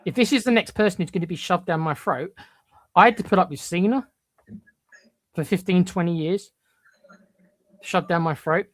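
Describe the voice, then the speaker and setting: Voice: mid-range voice, normal speed, pauses often, no echo. Blunt, opinionated wrestling podcast co-host. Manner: blunt, emphatic, stutters into repeated restarts.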